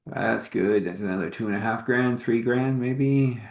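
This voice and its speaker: A man's voice: medium pitch, moderate pace, gravelly. A man telling a faith-based everyday story in a rambling, homespun way with many fillers. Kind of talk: informal spoken storytelling. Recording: echoey room.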